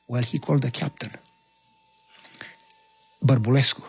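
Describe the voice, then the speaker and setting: A man with a Romanian accent giving an earnest personal testimony in a halting, storytelling way. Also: medium pitch. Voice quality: gravelly, husky. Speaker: guest telling his life story. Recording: lo-fi dull recording.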